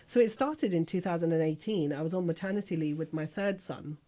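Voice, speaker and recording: A middle-aged woman doctor recounting her career as a podcast guest, her voice sitting on the low side. She talks in a frank, chatty way, with a humorous, self-deprecating streak running through her anecdotes. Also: brisk, mellow. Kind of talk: conversational storytelling.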